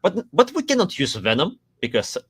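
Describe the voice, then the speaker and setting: A man's voice: high voice, wildly swooping pitch, moderate pace, a bit bright, breathy edge, dry recording, clean studio sound. A man co-hosting a casual livestream, rambling with lots of fillers and restarts. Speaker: co-host, marketing officer.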